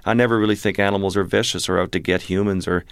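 A man's voice: sits low, fast talker, smooth, no echo, studio quality. A man, a wildlife photographer, telling a vivid adventure story as a guest in an interview. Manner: vivid, animated storytelling with restarts.

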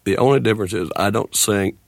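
A man in his sixties with a gravelly voice and a speech disorder, talking slowly and haltingly as a guest in a radio interview. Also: on the low side, dry recording. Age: 60s. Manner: halting, with restarts and slow deliberate phrasing. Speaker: guest, country singer.

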